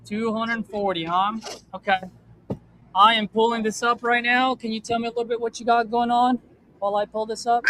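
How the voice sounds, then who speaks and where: Host vlogger, man, high voice, wired and jittery, smooth persuasive sales patter. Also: level tone, a bit bright, poor audio. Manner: jittery, fast and wired from espresso; friendly, persuasive sales pitch. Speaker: real estate wholesaler cold-calling sellers. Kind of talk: casual vlog and sales call.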